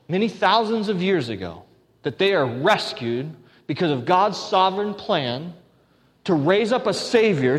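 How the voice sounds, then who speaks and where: A man preaching a sermon as pastor, earnest, with restarts and emphatic repetition. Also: high voice. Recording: long hall reverb.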